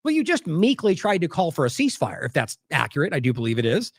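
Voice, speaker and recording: Animated, sarcastic male news commentator. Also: fairly high pitch, fast talker, dry recording, clean studio sound. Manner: animated, sarcastic, mocks quotes in exaggerated voices; talks in bursts with restarts while scrolling sources.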